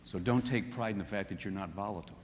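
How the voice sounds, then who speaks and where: A man teaching a marriage seminar in an animated way, often acting out what spouses say. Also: fairly low pitch, quick pace, a little hiss or hum. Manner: animated, acts out quoted voices. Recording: echoey hall with long reverb.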